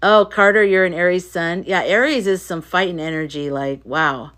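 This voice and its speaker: Her voice is fairly low and fairly bright, with a steady tone at normal speed. The woman is hosting an informal live chat, reading viewer comments in an emphatic way and often repeating herself.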